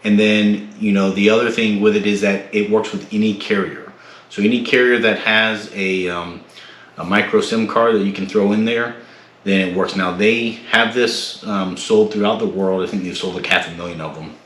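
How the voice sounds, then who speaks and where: Low-voiced man unboxing tech. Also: moderate pace, reverberant, a little hiss or hum. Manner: relaxed, many fillers and restarts. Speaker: tech channel host. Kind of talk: casual product unboxing. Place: home room.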